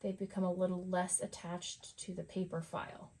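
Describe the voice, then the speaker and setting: A woman's voice: lowish voice, little pitch movement, normal speed, darkish tone. A middle-aged woman at home, chatting casually and rambling while she paints, laughing often. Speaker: art vlogger. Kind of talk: casual chat over painting.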